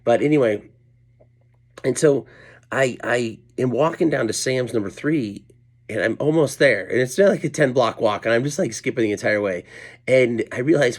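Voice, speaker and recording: A man's voice: mid-range voice, normal speed. A middle-aged man and comedian telling a rambling, self-deprecating story at home late at night, full of asides and restarts. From Colorado, USA. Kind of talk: casual storytelling monologue.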